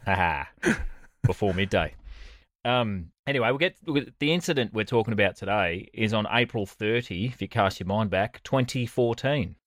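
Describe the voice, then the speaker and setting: A man's voice: on the low side, lively intonation, moderate pace, a bit bright. A man with an Australian accent, co-hosting a podcast and telling a story with dry, sardonic humour and casual swearing. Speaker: podcast co-host. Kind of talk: comedic storytelling chat.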